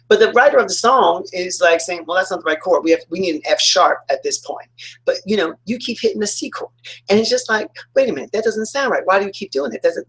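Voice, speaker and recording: A man giving a casual, enthusiastic motivational talk, rambling and acting out excited quotes. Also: high-pitched, vocal fry, breathy edge, low-quality recording.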